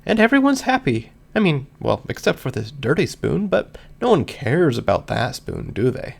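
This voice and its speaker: A man voicing a cheerful, gentle pony mare who talks in a soft, earnest, lilting way. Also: on the high side, big pitch swings, moderate pace, vocal fry, exaggerated voice. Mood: gentle coaxing.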